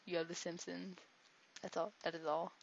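Playing a game, a female commentator rambles casually, cracking jokes and muttering to herself. Her lowish voice is creaky, has little pitch movement and moves at a moderate pace. The lo-fi recording sounds dull, with a little hiss or hum.

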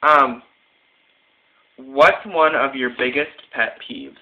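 Young man, casual vlog chat, slow unhurried delivery, fillers and giggles, thin phone-line sound. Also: medium pitch. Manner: giggly, rambling with many fillers. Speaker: vlogger. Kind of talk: casual tag video chat. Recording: tinny phone-quality audio.

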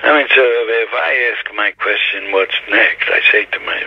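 Impassioned gravelly rabbi lecturing. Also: male voice, on the low side, moderate pace, hardly any pauses. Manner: impassioned, rhetorical questions. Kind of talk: Torah lecture. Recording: dull lo-fi recording.

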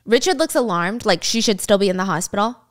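A woman's voice: mid-range voice, animated, fast talker. A woman casually recapping a drama story, chatty and sarcastic, with swearing and laughing asides.

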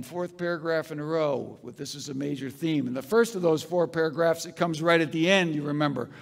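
A man preaching an expository sermon as pastor, emphatic, slowing down and repeating key phrases. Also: a little high, vocal fry. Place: church sanctuary. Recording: long reverb of a church hall.

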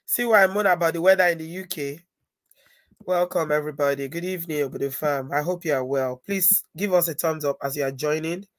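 A woman hosting a live stream, hoarse and stuffy-nosed from a cold, chatting and greeting viewers by name as she talks. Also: low-pitched, brisk, no echo. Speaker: channel host.

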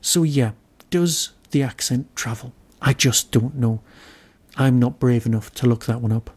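A man from Britain hosts his own podcast, reviewing an episode alone. He muses aloud, wry and a little grumpy at himself. His voice sits at an ordinary middle pitch. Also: unhurried, a little mellow, husky. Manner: wry, musing, self-deprecating grumbling. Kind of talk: solo review monologue.

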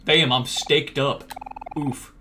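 A man's voice: a little high, steady tone, takes it slowly, noisy background. A man streaming a video game, joking and reacting with sudden jumpy outbursts while talking to chat. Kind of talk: let's play commentary.

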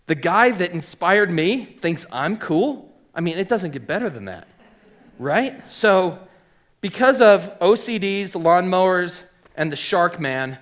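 A man's voice: high-pitched, lively intonation, a little slow, a bit bright. A middle-aged man telling a personal story live on a theater stage, chatty and full of fillers. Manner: chatty, filler-heavy, voices quoted people.

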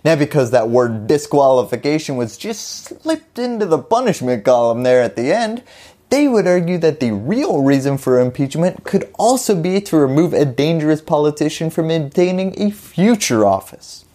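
A woman's voice: low voice, big pitch swings, normal speed, dark tone. A woman hosting a scripted political explainer, delivering it with wry, jokey asides.

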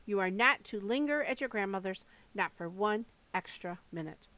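A woman's voice: medium pitch, expressive, moderate pace, bright, forceful tone. A woman reading aloud and voicing an anxious, stern mother who gives urgent orders. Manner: urgent and commanding.

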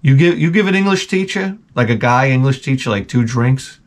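A man's voice: mid-range voice, lively intonation, brisk. A middle-aged man from Long Island, telling a rambling, profane, sardonic story as a vlog host. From Long Island, New York. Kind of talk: casual rambling monologue.

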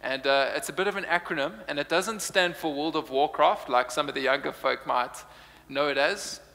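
A man's voice: fairly high pitch, moderate pace, gravelly, bright, forceful tone, in a large hall. A young man preaching a humorous sermon, playful and chatty, laughing often. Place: church hall.

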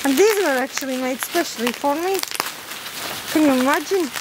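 High-voiced woman gasping over an unboxing. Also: noisy background. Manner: gasping and exclaiming, halting non-native English. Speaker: plant vlogger. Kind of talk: unboxing vlog.

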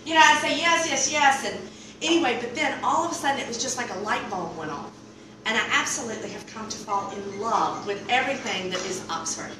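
A middle-aged woman with a Southern American accent rambles through a comic story, acting out every line of dialogue. Her voice sits a little high. It comes from a distance in a very echoey room, with clear background noise. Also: a little fast. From Mississippi Delta, US. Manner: animated, rambling, acts out dialogue with big swings. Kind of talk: comic storytelling to a live audience.

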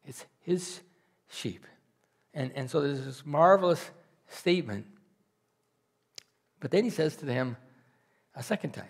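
A man preaching a sermon as a pastor, earnest and pleading, swinging between loud rises and soft, almost whispered drops. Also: on the high side, animated, unhurried, long pauses, breathy edge.

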